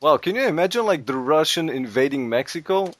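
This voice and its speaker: A man's voice: on the high side, animated, brisk, a bit bright, dry recording. A man in casual comedic chat, joking, laughing often and stammering through restarts.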